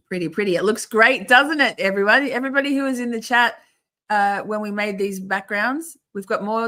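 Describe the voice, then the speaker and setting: A middle-aged woman hosting a casual livestream, chatty and swearing, often clearing her throat and restarting. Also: mid-range voice, animated, brisk, pushed and bright. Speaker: livestream host.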